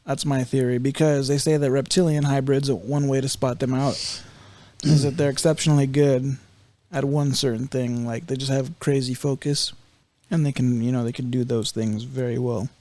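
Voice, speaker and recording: A man's voice: mid-range voice, fairly even intonation, moderate pace, mellow, no echo. A man co-hosting a casual podcast, joking around, teasing his co-host and swearing freely. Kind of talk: casual chat.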